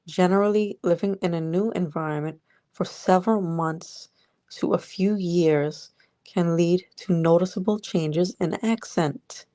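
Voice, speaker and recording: A woman's voice: fairly low pitch, dark tone. A woman vlogger ranting sarcastically about politics straight to the viewer. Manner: sarcastic, exasperated, talks to the viewer.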